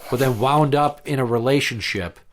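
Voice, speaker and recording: A man's voice: medium pitch, normal speed, slight background noise. A male podcast host telling crude, sarcastic concert stories in casual banter. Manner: profane, sarcastic storytelling.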